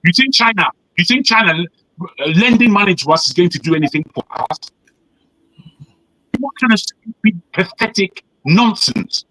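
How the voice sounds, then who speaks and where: A man's voice: high-pitched, lively intonation, normal speed, bright, forceful tone, poor audio. A man from Nigeria, hectoring a panel with heated rhetorical questions. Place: living in the West.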